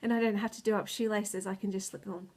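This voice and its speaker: A woman's voice: medium pitch, level tone, quick pace, a little mellow. A woman talks casually through her knitting projects for a video podcast. She sounds tired and stressed, close to tears at times. She rambles, loses her words and laughs easily. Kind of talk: casual chat.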